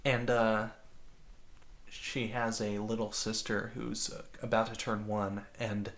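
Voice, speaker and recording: A man's voice: on the low side, flat delivery, slow, a bit bright. A man co-hosting a podcast, telling casual stories in a rambling way, full of "like" and restarts. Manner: rambling storyteller full of fillers. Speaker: podcast co-host. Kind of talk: casual chat.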